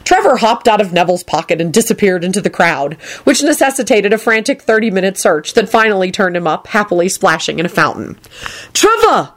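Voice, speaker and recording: A woman narrating a story aloud in an expressive storytelling manner. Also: mid-range voice, quick pace, few pauses.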